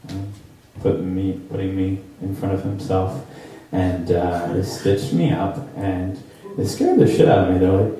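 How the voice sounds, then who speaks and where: A young man telling a comedic true story at an improv show, rambling with lots of fillers and jumping into high squeaky voices for the people in it. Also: measured pace, few pauses, crowd noise. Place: theater stage. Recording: roomy, distant live stage recording.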